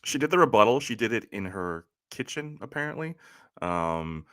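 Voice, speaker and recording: A man's voice: on the low side, big pitch swings, moderate pace, sharp tone, no echo, studio quality. A man co-hosting a casual political podcast, mostly giving short agreeing replies. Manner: brief agreeing replies, laughs along. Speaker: podcast co-host.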